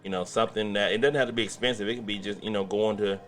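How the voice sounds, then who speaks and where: A man with a Southern US accent co-hosts a talk radio show in a relaxed, meandering way, often pausing with fillers. Faint music plays behind him. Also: fairly low pitch. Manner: laid-back, rambling. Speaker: radio co-host. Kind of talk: casual radio banter.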